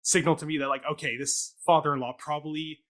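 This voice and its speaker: Bright-voiced man musing over a play. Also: on the high side, level tone. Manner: thoughtful, halting restarts. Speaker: podcast co-host. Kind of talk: casual theatre review chat.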